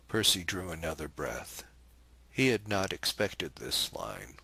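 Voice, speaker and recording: A man narrating a novel as an audiobook, in a measured, even storytelling manner on a close microphone. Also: sits low, gravelly, husky, no room sound.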